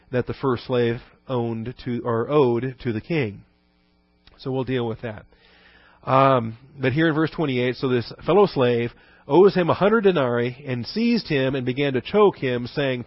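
A male pastor delivers a sermon like a relaxed teacher, with asides and sudden emphatic stresses. His voice sits at a middle pitch. The recording is dry and slightly muffled. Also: dry recording.

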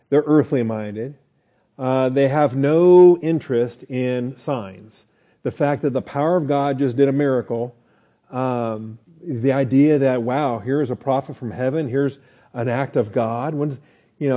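A male pastor talks through the text in a loose, conversational way, full of "you know"s and small chuckles. His voice is very dark and mellow. The recording is muffled and lo-fi. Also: medium pitch. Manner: relaxed and folksy, with chuckles and many fillers. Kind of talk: conversational Bible teaching.

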